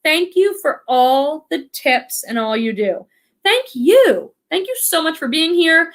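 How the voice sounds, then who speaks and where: A woman's voice: sits high, sing-song, takes it slowly. A woman from the Boston area with a slight Boston accent, hosting a casual livestream and chatting upbeat with viewers. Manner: chatty, upbeat, reads viewer comments aloud. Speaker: livestream host. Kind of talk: casual livestream chat reading comments.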